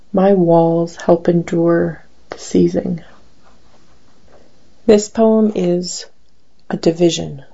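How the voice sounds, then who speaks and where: Slow, gravelly woman reading poetry. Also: fairly low pitch, mellow, dull audio. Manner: slow, measured recitation. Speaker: poet.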